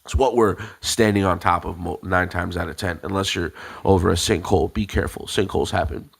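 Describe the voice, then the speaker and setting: Gravelly man telling a story. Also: low-pitched, fairly even intonation, fairly quick. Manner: rambling, with many fillers and restarts. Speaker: podcast co-host. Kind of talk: casual storytelling chat.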